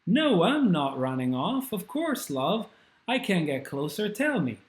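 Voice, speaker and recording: A fussing elderly lady scolds and coaxes her houseplants in a raised, lively voice, as a man reads her lines aloud. Her tone swings between tender and indignant. The recording carries a roomy echo. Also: high voice, a little slow, voice pushed up. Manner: doting, bickering with plants that answer back. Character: elderly woman fussing over her potted plants. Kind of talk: dramatic script reading.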